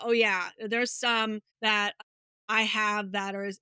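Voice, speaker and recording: A middle-aged woman, a hypnotherapist guest on a podcast, telling lively stories and acting out the people in them. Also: mid-range voice, clean tone, no echo, studio quality. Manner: lively storyteller, acts out quoted people. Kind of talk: podcast interview.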